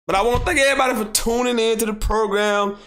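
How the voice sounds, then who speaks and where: Fast-talking and very high-pitched, a Southern American man hosts a sports talk show on his own. He repeats himself heavily to drive his points home, rising near to a shout. He's animated and reads viewers' comments aloud before rebutting them.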